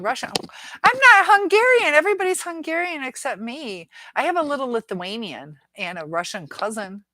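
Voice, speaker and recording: Live-stream host: woman, middle-aged, a little low-pitched, chatty and giggly. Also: a bit bright, dry recording. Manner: chatty, laughs often, muses aloud. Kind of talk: casual live chat reading comments.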